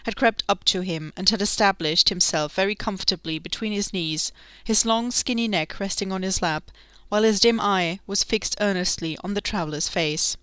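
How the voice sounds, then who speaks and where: Bright, crisp woman narrating an audiobook. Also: medium pitch, moderate pace, no room sound.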